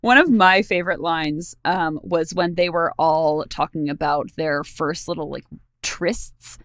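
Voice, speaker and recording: Deep-voiced and measured, recorded without echo, this podcast co-host chats casually as she recaps a TV episode. She's relaxed and giggly, laughing frequently and letting her sentences trail off into fillers.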